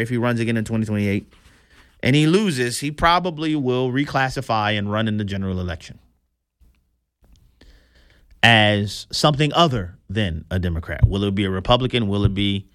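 A man's voice: medium pitch, fairly bright tone, no echo, studio quality. A man hosting a political commentary show, talking in a chatty, amused way.

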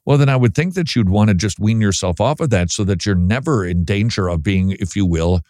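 A man's voice: lowish voice, lively intonation, fairly quick, darkish tone, no echo, clean studio sound. Wry, chatty man hosting a talk show. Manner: chatty, wry, reads listener emails aloud. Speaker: Christian radio host. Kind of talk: casual talk show commentary.

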